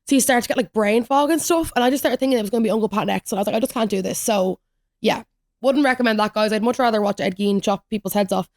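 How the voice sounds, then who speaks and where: Rambling and chatty, a young podcast host runs through stories on her own, filling them with "like." Her voice is on the high side with a darkish tone and a quick pace, in clean studio sound with no echo.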